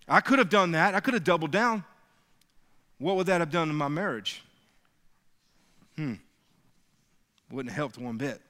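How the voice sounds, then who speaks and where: A male pastor with a high, bright voice preaches in a church sanctuary. His voice carries a long reverb from the hall, and he builds to emphatic peaks and calls for the congregation to answer back. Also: a little slow, pauses often. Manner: call-and-response preaching, rising to emphatic peaks. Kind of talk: sermon.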